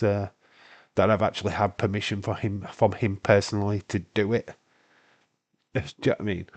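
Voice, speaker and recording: Young Scottish streamer, lowish pitch, congested, rambling and sweary, casual chatter. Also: male voice. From Britain. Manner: rambling, sweary, laughs often. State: congested from hay fever. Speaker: live-stream host. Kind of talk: casual live-stream watch-along chat.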